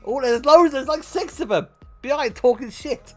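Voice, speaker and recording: A man's voice: extremely high pitch, moderate pace, soft background music. A young man streaming a game, telling rowdy stories in a casual, swear-heavy way. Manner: animated, swears freely, bursts into loud laughter. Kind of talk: casual storytelling while gaming.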